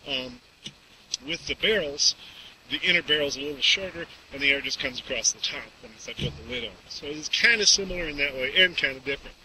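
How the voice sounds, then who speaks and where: A man with a fairly quick, pushed, bright voice on the high side shows off a camp stove outside. He's folksy and rambling, full of fillers, and the distant outdoor mic catches background noise.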